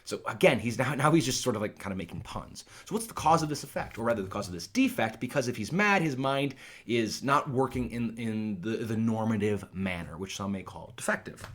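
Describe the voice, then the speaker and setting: A man's voice: fairly low pitch, expressive, fairly quick. A man teaching Shakespeare, going line by line and restating it in plain, conversational words, thinking aloud as he goes, recorded on his own device. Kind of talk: casual line-by-line explanation. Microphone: self-recorded on a phone or laptop.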